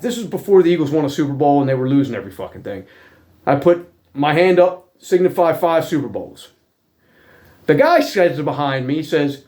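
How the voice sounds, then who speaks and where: A middle-aged man tells a story as a heated, profane rant, swearing in nearly every sentence with blunt working-class bluntness. His voice sits high and swings widely in pitch as his temper rises and falls. The talk is rough and direct, never polished. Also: a little mellow. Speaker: vlogger telling personal stories.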